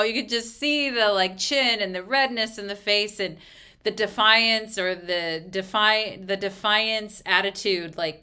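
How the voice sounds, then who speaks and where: A woman's voice: medium pitch, pushed and bright, clean tone. A woman astrologer talking casually as she explains a chart, full of fillers and asides. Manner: chatty, frequent fillers, explaining step by step.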